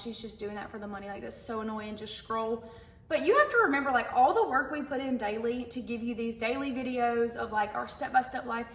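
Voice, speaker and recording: The room echoes around a fairly bright, high-leaning female voice. She's a young content creator and stay-at-home mom, rattling off chatty, candid answers to viewer questions in a casual talk to camera.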